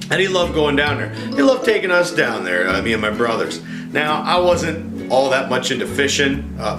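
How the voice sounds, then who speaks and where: A man casually telling a story from his childhood, rambling with lots of fillers. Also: medium pitch. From rural farm upbringing. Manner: relaxed, rambling, many fillers. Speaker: storyteller host. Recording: roomy echo with guitar music behind.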